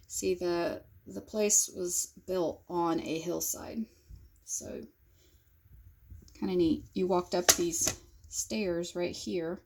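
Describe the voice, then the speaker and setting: A woman's voice: lowish voice, steady tone, slow, gravelly, warm tone. A woman in her forties giving a casual vlog tour, rambling fondly through memories with lots of fillers and getting choked up, recorded on a handheld phone outside a windy craft shed. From southern Indiana. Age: 40s. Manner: rambling, fond reminiscing with frequent fillers. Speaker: craft vlogger.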